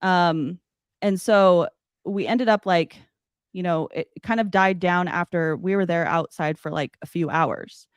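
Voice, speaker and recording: A woman telling a personal story as a podcast guest, animated and loose, with many "like" fillers. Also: fairly low pitch, measured pace, clean tone, no echo, clean studio sound. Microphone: podcast studio mic.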